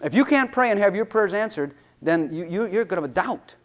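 A man's voice: sits high, lively intonation, normal speed. A man preaching a sermon, emphatic and full of rhetorical questions, at times speaking in God's voice. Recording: dull lo-fi recording.

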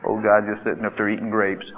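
A man preaching a sermon, acting out desperate pleas in a lively way. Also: fairly quick, muffled recording. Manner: animated, acts out pleas with rising pitch. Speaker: pastor. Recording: reverberant hall.

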